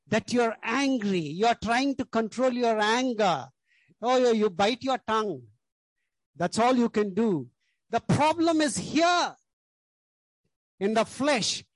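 A man's voice: sits high, no room sound. A male pastor preaching a sermon, stressing key words, repeating lists and leaning on "you know".

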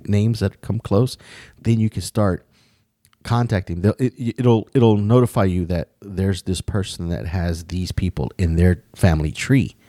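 Deep-voiced man in a rambling chat. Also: mellow, no room sound, clean studio sound. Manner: rambling, restarts often, swears freely. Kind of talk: casual chat.

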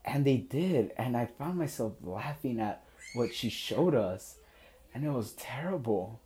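A young man hosting a podcast, telling a personal story in a casual, animated way and laughing often. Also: medium pitch, measured pace, a little hiss or hum. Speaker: podcast host.

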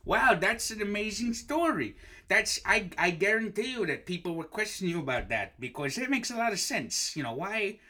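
A man's voice: high voice, very animated, normal speed, sharp tone. A male podcast host with a loose, profane delivery. He rambles through his setup, tacking "okay?" onto his sentences and leaning on filler words. It is a comedy podcast monologue.

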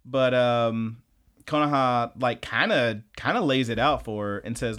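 A man's voice: mid-range voice, measured pace, fairly bright tone, clean tone. A young man co-hosting a podcast, recapping an anime in casual, rambling chat and laughing often. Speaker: podcast co-host.

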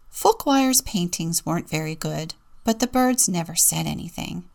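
A woman deacon reading a children's picture book aloud in a playful, expressive way, sometimes dropping to a whisper. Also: lowish voice, gravelly.

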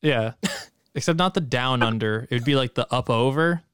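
A man co-hosting a podcast with a smooth, resonant voice, recorded dry and close. He jokes around irreverently and swears casually. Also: mid-range voice, normal speed, fairly bright tone, dry recording. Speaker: podcast co-host.

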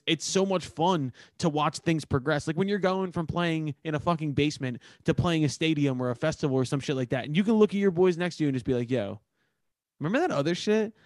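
A man's voice: on the high side, a little mellow, no echo. A man hosting a casual chat, laid-back and profane, leaning on "like" a lot. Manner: laid-back, swears, heavy use of "like".

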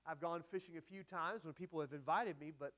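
High-voiced man preaching casually. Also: a little fast, a bit bright. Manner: conversational preaching with asides and emphatic quoted voices. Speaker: pastor. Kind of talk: sermon.

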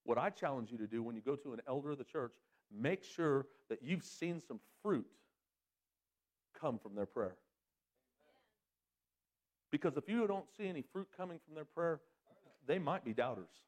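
A man preaching a sermon as pastor, talking directly to his congregation. He swings his voice up high for emphasis and drops it low for serious points. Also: animated, moderate pace, pauses often, a little mellow.

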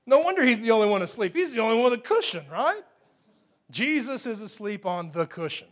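A man with a notably high voice preaches a sermon into a microphone. He keeps it conversational and emphatic, checking in with his listeners with quick questions as he goes. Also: expressive, a bit bright. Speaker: pastor.

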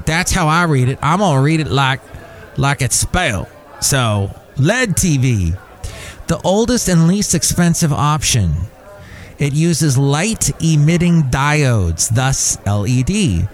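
A man's voice: medium pitch, a little mellow. A man hosting a solo podcast, reading out facts and breaking off into joking asides. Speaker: podcast host. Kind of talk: solo podcast monologue reading tech info.

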